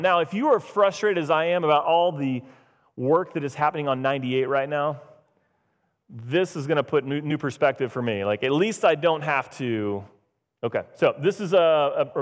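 A man preaching a casual, conversational sermon as pastor, acting out the voices in the scripture he reads. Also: a little high. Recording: long church reverb.

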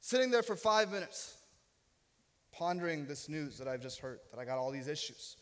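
High-voiced pastor in a reverberant church. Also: male voice, big pitch swings, moderate pace, fairly bright tone, clear, resonant tone. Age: 30s. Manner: humorous, self-deprecating storyteller. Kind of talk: sermon storytelling. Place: church sanctuary. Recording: long reverb of a church hall.

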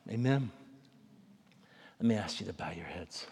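A man's voice: sits low, animated, unhurried, creaky, pauses often, a little mellow, in a large hall, slight background noise. A man preaching a sermon as pastor, in a folksy, conversational way. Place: church sanctuary.

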